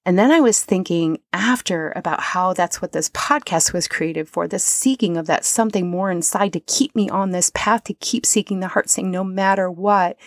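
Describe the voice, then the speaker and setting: Her voice is lowish and the recording dry as she, a podcast host, talks through a personal experience in a reflective monologue. She sounds soft, earnest and emotional, at moments on the verge of tears.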